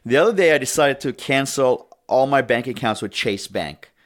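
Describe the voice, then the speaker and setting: A man's voice: medium pitch, expressive, normal speed. Indignant middle-aged male host. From Northern California. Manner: indignant, emphatic, with rhetorical questions. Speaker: show host. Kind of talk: political commentary monologue.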